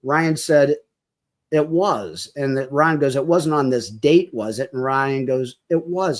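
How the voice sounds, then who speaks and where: A man's voice: medium pitch, unhurried. A man telling a personal story as a podcast guest, acting out the quoted dialogue vividly and getting close to tears at moments.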